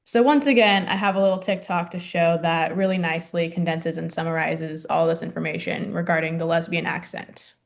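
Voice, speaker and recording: A woman's voice: on the low side, fairly even intonation, a little fast, vocal fry, few pauses. A young adult woman presenting a class project, hesitant and full of ums and likes. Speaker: student presenter.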